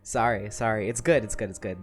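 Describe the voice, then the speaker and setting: A woman's voice: rumbling low, brisk, soft background music. A woman streamer casually recapping a story, profane and emotional, often sighing and laughing between thoughts. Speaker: streamer recapping a web serial.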